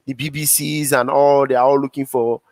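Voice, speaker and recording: A man's voice: medium pitch, level tone, fairly quick, darkish tone, dry recording. A man hosting an interview, asking questions in an encouraging, conversational way. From Nigeria. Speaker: interview host. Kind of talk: casual interview chat.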